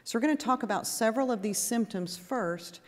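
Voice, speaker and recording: Lively woman lecturing in an echoey hall. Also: a little high, a little fast. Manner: lively, conversational, acts out patient exchanges. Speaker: nurse practitioner lecturer. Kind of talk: conference lecture to patients. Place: conference hall with audience.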